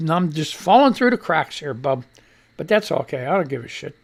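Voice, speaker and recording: A man's voice: on the high side, sing-song, normal speed, creaky. A middle-aged man hosting a live radio show, rambling and sarcastic, often repeating himself and trailing off. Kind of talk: casual chat reading comments aloud.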